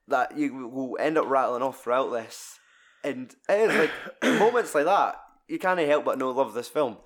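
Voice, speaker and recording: A Scottish man in a relaxed film chat, swearing a lot and jumping into loud voices to act out scenes. His pitch sits in the middle range. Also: moderate pace.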